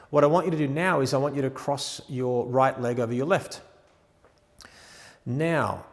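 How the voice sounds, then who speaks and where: A man teaching wedding photography posing, talking through each adjustment while gently directing a model. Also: medium pitch, in a large hall.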